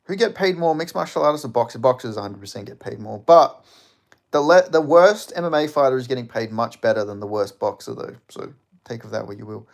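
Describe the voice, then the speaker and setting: A man's voice: medium pitch, expressive, a little fast, vocal fry. A man with an Australian accent hosting a livestream, chatting casually and answering viewer comments in a loose, joking way, swearing often and laughing between lines. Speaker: livestream host.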